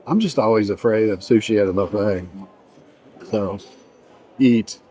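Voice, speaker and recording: A middle-aged man with a fairly low, dark voice talks at a measured pace through a food-tasting vlog inside a buffet restaurant. Reviewing the buffet, he rambles and trails off mid-sentence between bites.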